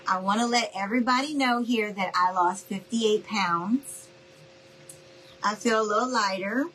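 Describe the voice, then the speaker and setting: A middle-aged woman with a drawl talks to her viewers in a chatty, folksy way while she works on a craft project at home. She speaks at an everyday pitch. Faint sanding and rubbing sounds run underneath her voice. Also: a little slow, fairly bright tone, a little hiss or hum, poor audio. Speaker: craft video host. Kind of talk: casual livestream crafting chat.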